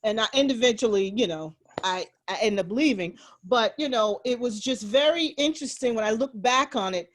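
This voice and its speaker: Woman co-host with a higher voice; thoughtful, measured, reflective chat. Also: a little hiss or hum. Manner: thoughtful, measured, with steady listening murmurs. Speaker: podcast co-host.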